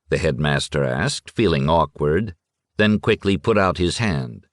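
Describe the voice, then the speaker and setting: A man narrating an audiobook in a measured, sombre storytelling manner. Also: rumbling low, lively intonation, no echo, clean studio sound. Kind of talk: scripted literary narration.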